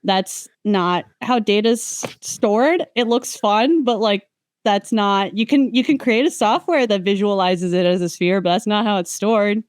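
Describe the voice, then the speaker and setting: A woman's voice: mid-range voice, measured pace, clear, resonant tone, no room sound, clean studio sound. A woman guest on a casual podcast, explaining things in long tangents full of fillers.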